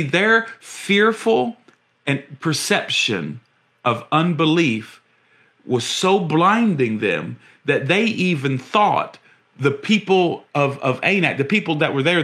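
Impassioned bright-voiced male preacher. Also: a little high. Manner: impassioned, emphatic, acts out quoted voices; repeats and restarts words while building a point. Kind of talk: sermon.

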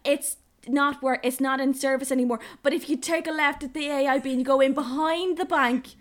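A woman's voice: high-pitched, steady tone, a little fast, pitched above the performer's own voice, natural voice. A woman doing a long-winded post clerk. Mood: explaining. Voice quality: matter-of-fact, long-winded. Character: matter-of-fact Irish post office clerk woman.

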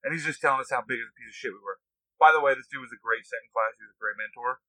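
A young man telling profane, animated stories in a casual chat. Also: mid-range voice, very fast, no room sound, low-quality recording. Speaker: podcast co-host, navy veteran.

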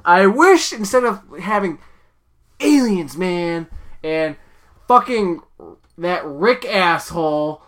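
A man's voice: sits high, expressive, takes it slowly, long pauses, fairly bright tone. A man in his thirties co-hosting a casual movie chat, rambling with lots of "like" and some swearing. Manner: rambling, heavy on "like", swears, acts out quotes. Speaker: podcast co-host.

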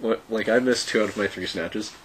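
A man calmly explaining, in a casual chat among friends. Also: on the low side, fairly quick, a little hiss or hum, poor audio. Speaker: weightlifter, podcast guest.

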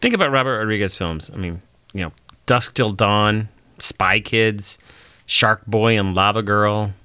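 Bright-voiced joking male podcast host. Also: lowish voice, unhurried, clear, resonant tone, no room sound. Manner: jokey, breaks into silly voices and singing. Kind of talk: casual chat.

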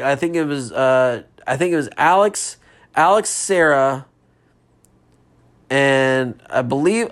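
A man's voice: on the high side, fairly bright tone. Rambling man casually recapping a film. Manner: rambling, filler-heavy retelling with frequent swearing and laughs. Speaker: podcast host reviewing a film.

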